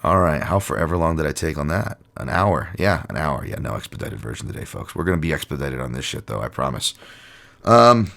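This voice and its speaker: A man's voice: extremely low pitch, big pitch swings, a little fast, vocal fry, a bit bright. A man hosting a solo podcast in a casual, rambling, profane way, with lots of fillers. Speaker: podcast host.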